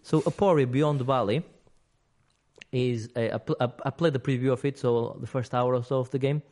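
A man's voice: mid-range voice, steady tone, normal speed, a little mellow. A man hosting a casual games podcast, talking at length, restarting sentences and laughing easily. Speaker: podcast host.

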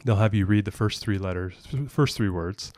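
This man's voice is on the low side and a little mellow, with fairly even intonation and a moderate pace. A parent and podcast co-host, he explains at length on a casual show, rambling through frequent fillers and restarts.

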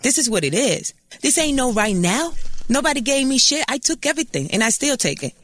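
A Puerto Rican woman in her thirties talks quickly and brashly in a casual interview. Her voice is bright and forceful, full of profanity and bragging. The sound is dry and close. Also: sits high, very animated, no echo. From Puerto Rico. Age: 30s. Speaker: interview guest.

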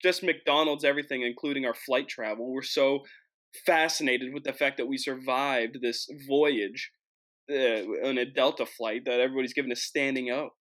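A young man from the United States tells a travel story in a loose, jokey monologue. His voice is bright and forceful, and he often restarts his sentences before pushing on with energy. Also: medium pitch, normal speed. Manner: animated, jokey, frequent restarts. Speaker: host.

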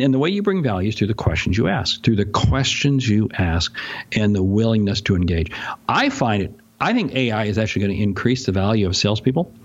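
Animated ranting man, lo-fi audio. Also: lowish voice. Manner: animated, ranting, self-interrupting. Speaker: sales expert guest. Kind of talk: podcast interview.

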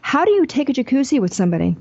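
A woman's voice: sits high, very fast, vocal fry, lo-fi sound. An older woman guest, an author, telling her life story candidly in an interview and acting out the people she quotes. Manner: animated, acts out quoted dialogue.

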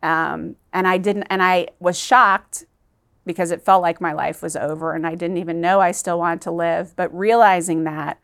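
A woman's voice: on the low side, fairly even intonation, moderate pace, gravelly, fairly bright tone. A woman guest in an interview, telling a personal story in an earnest, emotional way that halts at times.

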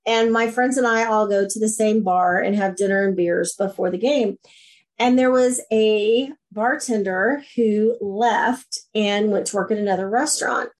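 A woman guest on a podcast interview, talking in an enthusiastic, animated storytelling way. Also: mid-range voice, a little slow. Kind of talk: casual interview chat.

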